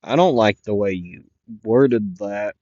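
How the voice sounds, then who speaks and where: A man's voice: fairly low pitch, takes it slowly, warm tone, no room sound. A man voicing a guarded teenage boy who questions a stranger, recorded dull and dry. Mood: wary. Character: wary teenage boy hero, sixteen or so.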